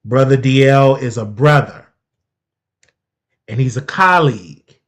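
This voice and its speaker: A commentary host talking on a live stream, emphatic and repetitive, with big swings in pitch and loudness. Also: a little slow.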